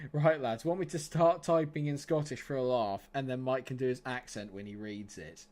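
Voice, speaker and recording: Medium-pitched and a little mellow, with fairly even intonation, a young man speaks at normal speed while streaming a football management game. He chats casually with viewers, punctuated by abrupt exasperated outbursts.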